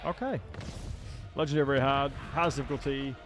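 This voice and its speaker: Speaking fast with medium pitch and fairly even intonation, an English man with a non-southern accent streams a game live. He keeps things casual, shouting out viewers by name between stretches of commentary.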